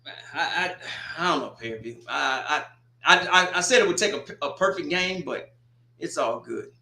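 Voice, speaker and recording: Animated man recapping football scores. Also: a little high, normal speed, gravelly, roomy sound. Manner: animated, exclaiming and joking. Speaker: sports commentator.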